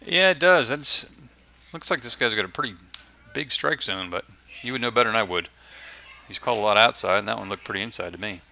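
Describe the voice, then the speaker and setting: A man giving joking color commentary on a high school baseball game. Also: expressive, fairly quick, gravelly, bright, forceful tone. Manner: joking, laughs often.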